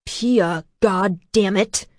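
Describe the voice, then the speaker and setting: A woman voicing a commanding male dragon lord who speaks in a quiet, controlled way. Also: mid-range voice, drawn-out words, dry recording, clean studio sound. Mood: angry. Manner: quiet, controlled, turns coaxing.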